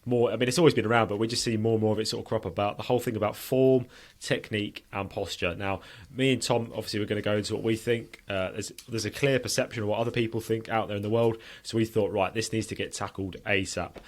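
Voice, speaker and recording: A man's voice: fairly low pitch, fairly even intonation, fast talker. A man co-hosting a casual fitness podcast, rambling and swearing freely as he sets up the episode. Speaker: podcast co-host.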